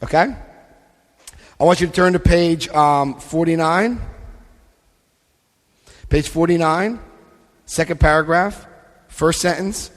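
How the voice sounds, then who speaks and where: A man from Florida speaks slowly, with long pauses, in a fairly high voice at a recovery convention. Emphatic and direct, he guides the audience in the large hall through pages of a book and keeps checking in with "Okay?", and the live talk echoes with a long hall reverb.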